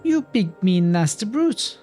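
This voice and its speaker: Man putting on a high meek young woman. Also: very animated, measured pace, a little mellow, soft background music. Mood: timid. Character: timid sweet-natured young woman.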